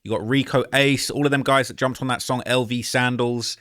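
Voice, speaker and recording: Hosting a reaction video, this late-twenties man keeps his commentary casual, slangy and chatty, often checking in with whoever's listening. He speaks a little fast at a medium pitch, his tone steady and a bit bright.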